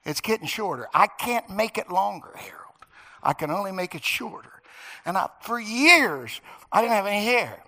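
Preaching in a medium-pitched voice, this middle-aged or older pastor brings his sermon stories to life. His animated delivery shifts between booming emphasis and near-whispers.

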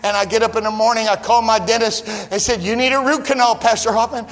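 A middle-aged male pastor preaching, telling a personal story and building to loud, emphatic declarations. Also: very high voice, steady tone, fast talker, few pauses, long reverb tail, soft background music. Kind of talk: sermon.

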